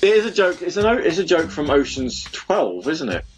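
A man's voice: fairly high pitch, very animated, normal speed, soft background music. A young man hosting a casual online radio show from home, chatting with listeners in a rambling, self-mocking way full of fillers and restarts. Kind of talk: casual chat with listeners between songs. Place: home room.

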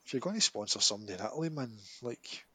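A Scottish man co-hosts a podcast in casual chat, animated and emphatic and laughing often. His voice is a little husky. It sounds dry and close. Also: medium pitch, rapid-fire, no echo. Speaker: podcast co-host.

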